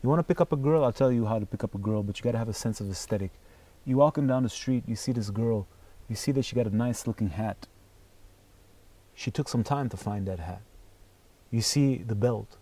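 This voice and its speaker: A man speaking as an interview guest, telling stories in an animated, emphatic way and swearing freely. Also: medium pitch, a little fast, distant mic. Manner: animated, profane, emphatic storyteller. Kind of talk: casual conversation.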